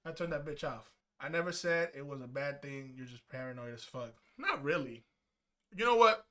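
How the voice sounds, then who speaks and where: A man streaming live, chatting with his viewers and telling a story in a loud, animated, profane way that swings into yelling. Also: mid-range voice, moderate pace. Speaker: streamer reacting to chat.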